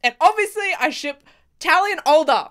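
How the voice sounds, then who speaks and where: A woman giving casual reaction commentary, excitable and swearing freely, with frequent laughter. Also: very high-pitched, moderate pace. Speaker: video reactor.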